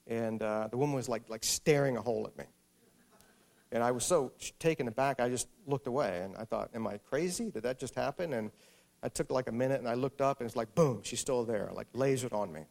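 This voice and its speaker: A man speaks at a mid pitch, with a gravelly edge to his voice. He is an author addressing a live audience, and he tells his anecdote with dry, self-deprecating humor. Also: darkish tone. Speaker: author giving a talk. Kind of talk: storytelling speech to an audience.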